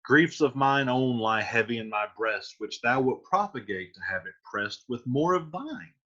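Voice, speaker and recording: A lovesick young Romeo, brooding and dramatic, declaims his verse, as a man reads him aloud. The voice is bright and a little husky, higher than most men's. The recording sounds dull and lo-fi. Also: animated, moderate pace. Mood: sorrowful.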